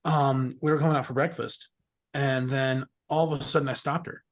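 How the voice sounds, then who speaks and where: A man's voice: medium pitch, fairly even intonation, normal speed. A middle-aged man telling stories in a rambling, casual way as an interview guest, swearing freely and laughing often. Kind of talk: casual storytelling.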